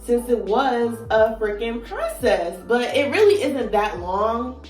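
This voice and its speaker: A woman in her twenties tells a casual story time vlog in a groggy morning voice, filling her talk with "like" and "you know". She is recorded on a phone set back from her in an echoey room, and soft music plays underneath. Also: fairly high pitch, big pitch swings, slow pace, recorded from a distance. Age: 20s. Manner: chatty and playful, lots of "like" and "you know". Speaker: vlogger. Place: at home while doing her morning routine. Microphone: phone on a moving gadget.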